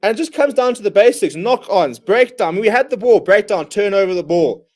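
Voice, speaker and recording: A man's voice: sits high, expressive, a little fast, a little mellow. Exasperated man ranting over live rugby. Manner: exasperated, ranting fan commentary; calls play-by-play in bursts. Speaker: watchalong host. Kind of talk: live match watchalong commentary.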